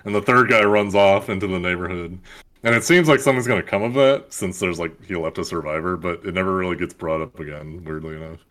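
A young man casually recapping a film, animated, acting out the characters and laughing often. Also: deep voice, fast. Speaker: podcast host.

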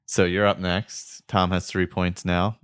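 A man's voice: low voice, level tone, measured pace, fairly bright tone, clear, resonant tone, no echo, studio quality. A man hosting a casual movie guessing game, jokey and reading out clues with laughs. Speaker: podcast host running a movie guessing game. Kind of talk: casual chat.

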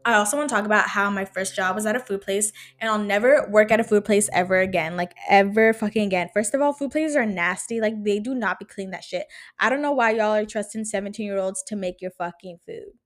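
A woman's voice: mid-range voice, quick pace. A young woman in her twenties talks through her stories in a loose, casual podcast monologue. She is blunt and rant-prone, swears often, and fills her sentences with slang and "like". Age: 20s. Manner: swears a lot, heavy slang and filler "like". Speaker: podcast host.

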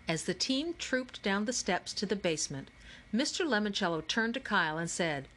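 A woman narrating a children's novel as an audiobook, in a clear, even storytelling manner. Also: mid-range voice, normal speed. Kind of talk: scripted narration.

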